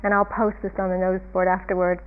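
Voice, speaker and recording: A woman giving a reflective, unhurried Buddhist dharma talk as a meditation teacher, chuckling often. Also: lowish voice, completely flat delivery. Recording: tinny phone-like line.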